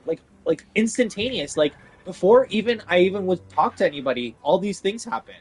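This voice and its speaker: A man's voice: high-pitched, expressive, brisk, slightly rough, low-quality recording. Agitated young man ranting with profanity. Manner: agitated, profane, repetitive venting. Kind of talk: ranting monologue.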